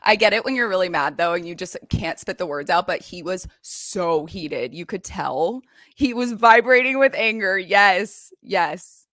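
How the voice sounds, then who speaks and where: A young woman hosting a casual recap show, retelling scenes in a gossipy, animated way. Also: medium pitch, normal speed, no echo, clean studio sound. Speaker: recap podcast host. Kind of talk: casual chat. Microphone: desk microphone.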